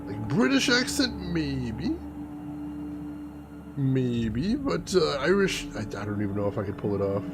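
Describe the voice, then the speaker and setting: Excitable man with a lively voice. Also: medium pitch, measured pace, music in the background. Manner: excitable, jumpy exclamations. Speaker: gaming streamer. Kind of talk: casual let's-play commentary.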